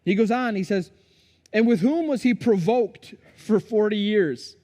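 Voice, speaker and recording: A man's voice: high-pitched, a little slow, dark tone, big-room sound. A man preaching a sermon as pastor, in a loose, conversational way that keeps checking in with the congregation. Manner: conversational, asks the congregation questions. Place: church sanctuary.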